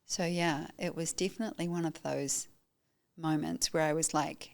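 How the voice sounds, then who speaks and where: Low-pitched with some vocal fry, this middle-aged woman from New Zealand talks at a moderate speed. Appearing as a guest on a podcast, the photographer and educator recounts her experiences in an emphatic, lively way, performing the lines she said to others.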